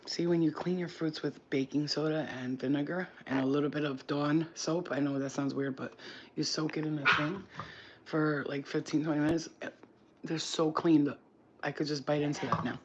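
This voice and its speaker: A man's voice: fairly high pitch, steady tone, moderate pace, dull audio, slight background noise. A man in a casual livestream chat, giving spiritual readings in a blunt, chatty way and swearing freely.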